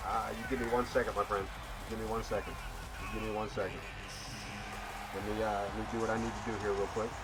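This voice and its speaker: A man's voice: lowish voice, little pitch movement, fairly quick, long pauses, very noisy. A man casually commentating as he streams a wrestling game. He rambles and jokes, with lots of fillers and restarts. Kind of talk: casual chat.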